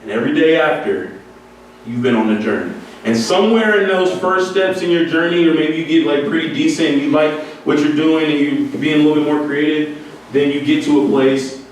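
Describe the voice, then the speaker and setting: A man's voice: a little high, a little fast. A man giving an earnest, candid motivational talk to music students, often breaking into laughter. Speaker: speaker addressing music students. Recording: echoey hall, voice from far off, faint noise.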